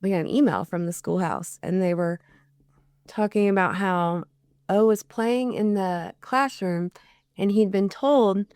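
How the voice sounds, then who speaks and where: A woman's voice: medium pitch, a little slow, clear, resonant tone, no room sound. A woman in her forties, a bereaved mother and podcast guest, telling stories in casual chat and acting out the people she quotes. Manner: chatty, animated when quoting others.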